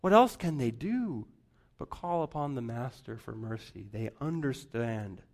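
A man preaching a sermon, rising to loud emphatic lines and dropping to near-whispers. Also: medium pitch, expressive, unhurried. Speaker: pastor.

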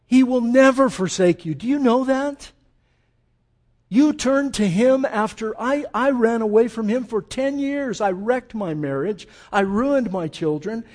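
A middle-aged man preaching a sermon as pastor, impassioned, swinging between loud urging and hushed intensity. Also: very high-pitched, expressive, unhurried.

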